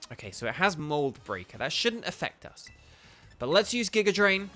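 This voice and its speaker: A game streamer, a man chatting through his play session in a loose, rambling way and poking fun at himself. His voice is bright and forceful, sitting somewhat high for a man. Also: big pitch swings, moderate pace, faint music behind. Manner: chatty, rambling, self-deprecating. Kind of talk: casual let's-play commentary.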